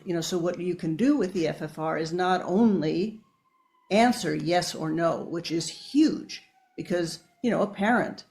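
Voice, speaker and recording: Woman, interview guest, emphatic explainer, gravelly fry. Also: lowish voice, darkish tone. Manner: emphatic, explanatory, addresses listeners directly. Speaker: guest neuroscientist.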